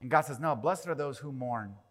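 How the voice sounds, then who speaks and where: A man preaching a sermon as pastor, animated, swinging from quiet to loud and acting out quoted prayers. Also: medium pitch, a little fast. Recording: long reverb of a large hall.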